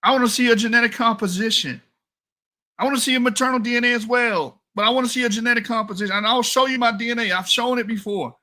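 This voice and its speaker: A man's voice: very high-pitched, fast, sharp tone. A man from the United States giving a heated, profane commentary rant into a mic, repeating points for emphasis and laughing at his own jokes. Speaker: online commentator. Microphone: talking into a mic.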